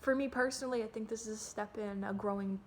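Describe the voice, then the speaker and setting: A woman's voice: mid-range voice, steady tone, fast talker, slight background noise. A young adult woman talking candidly to her phone camera at home, rambling, swearing freely and often restarting her sentences. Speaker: vlogger. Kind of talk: casual rambling monologue to camera.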